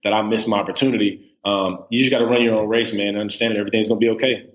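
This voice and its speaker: Racing through a casual interview, a relaxed man in his thirties appears as a podcast guest, leaning on "um" and "you know" a lot. His lowish voice stays fairly even, and the audio is lo-fi.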